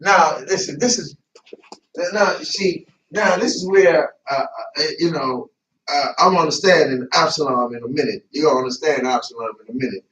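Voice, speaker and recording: A man preaching a sermon in a church, lively and colloquial, laughing and breaking into asides. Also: a little high, moderate pace, slight background noise. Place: church sanctuary. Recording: echoey church, mic at a distance.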